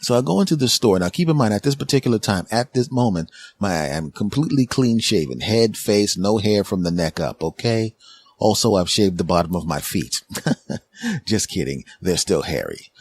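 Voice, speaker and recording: A man's voice: sits low, lively intonation, moderate pace, husky. A man, giving a rambling, joking comedy monologue as a podcast host. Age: 40s. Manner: joking, rambling, self-mocking.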